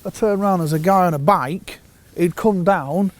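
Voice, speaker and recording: Bloke telling a funny fishing story, fairly high voice, gets into acting out the bits. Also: male voice, normal speed. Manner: animated storyteller who acts out quotes. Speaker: fishing consultant. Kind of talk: casual anecdote.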